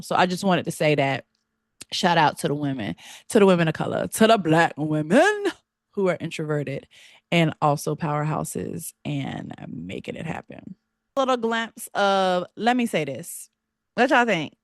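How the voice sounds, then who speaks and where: A woman in her thirties from North Carolina, speaking with a Southern US accent, talks into her podcast mic in a casual, animated way. She chats freely and laughs often. Her voice sits a little low, and the recording is close and dry. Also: no room sound. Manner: animated, chatty, laughs often, heavy use of "like" and "baby". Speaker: podcast host. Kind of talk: casual solo podcast talk.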